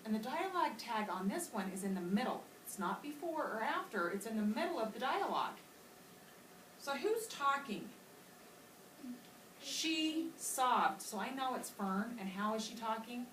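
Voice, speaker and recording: A woman's voice: on the high side, sing-song, moderate pace. Woman teacher in an echoey classroom. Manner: patient, explanatory, models voices for children. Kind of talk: classroom reading lesson. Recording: echoey classroom from far off with loud noise.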